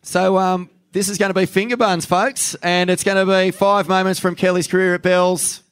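A man, hosting a live podcast in a relaxed, matey way. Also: sits high, moderate pace, clear, resonant tone. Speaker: host.

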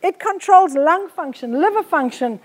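A woman's voice: extremely high pitch, lively intonation, moderate pace. A middle-aged woman, giving a blunt, forthright live health talk to an audience on a handheld mic. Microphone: handheld microphone.

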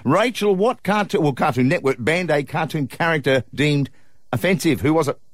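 A man's voice: fairly high pitch, moderate pace, no room sound, clean studio sound. An Australian man co-hosting breakfast radio, joking and laughing as he chats with callers. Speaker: radio host.

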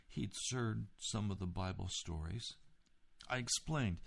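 Gravelly male audiobook narrator. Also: on the low side, measured pace. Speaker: audiobook reader. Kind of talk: scripted memoir narration.

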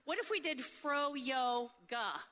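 Bright, high-voiced woman preaching with humor. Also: a little hiss or hum. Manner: animated, jokey storytelling with quick asides; seeks agreement with frequent rhetorical questions. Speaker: speaker at a faith event. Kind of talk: humorous sermon.

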